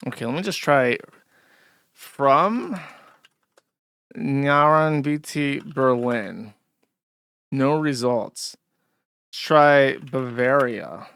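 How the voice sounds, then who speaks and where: Gravelly, sardonic male streamer. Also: mid-range voice, drawn-out words, long pauses, a bit bright, dry recording, studio quality. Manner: sardonic, rambling with restarts. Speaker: streamer host. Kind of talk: casual live-stream commentary.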